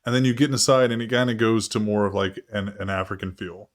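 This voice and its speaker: A man with a fairly low voice narrates a tabletop role-playing session as its game master. He rambles loosely from one detail to the next, filling gaps with fillers. He swears casually as he goes. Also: fairly even intonation, fast talker.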